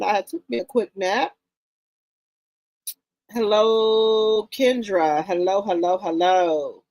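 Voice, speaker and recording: A woman's voice: mid-range voice, fairly even intonation, takes it slowly, pauses often, a little mellow, no room sound. A woman hosting a casual livestream, greeting viewers one by one with repeated hellos in an informal, chatty way. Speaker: livestream host.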